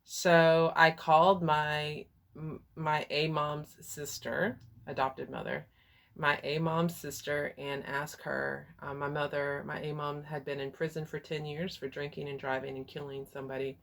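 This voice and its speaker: A woman's voice: sits low, flat delivery, unhurried, creaky, a bit bright. A woman from Texas with a Texas accent, telling a personal story in a frank, candid way with some hesitations. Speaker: vlogger and life coach.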